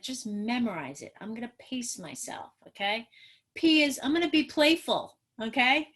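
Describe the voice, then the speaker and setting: A woman presenting a parenting webinar as a trauma specialist, emotional and animated, acting out what parents say to children. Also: mid-range voice. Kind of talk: expressive webinar teaching.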